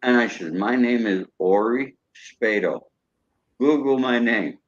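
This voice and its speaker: A man's voice: medium pitch, slow pace, muffled recording. An older man, a show guest, telling folksy stories and acting out cheerful greetings in a raised voice. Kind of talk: storytelling.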